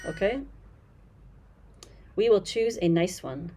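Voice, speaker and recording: This woman teaches Swahili in a casual commentary, going patiently through phrases slowly, using fillers, and being blunt about poor translations. She has a medium pitch and an expressive delivery, though the recording is very noisy.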